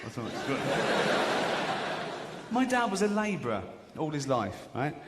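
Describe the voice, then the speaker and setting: English comic with a lively, climbing voice. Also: male voice, slow. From England. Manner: swings into high squeaky exclamations and impressions. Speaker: stand-up comedian. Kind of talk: stand-up comedy set. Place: large theatre stage before a laughing audience. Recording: live hall recording with audience noise.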